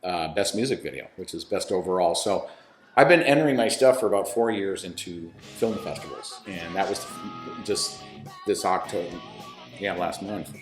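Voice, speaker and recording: A man's voice: low-pitched, animated, moderate pace, over music. A man, a filmmaker and musician, chatting as an interview guest in a rambling, restarting way. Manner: rambling, with many restarts and laughs. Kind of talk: casual interview talk. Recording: roomy echo.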